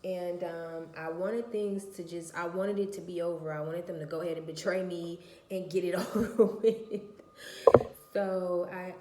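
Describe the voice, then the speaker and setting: A woman's voice: lowish voice, mellow, reverberant, a little hiss or hum. A woman, a mother of four, telling her story in a casual vlog in a blunt, emphatic way and swearing freely.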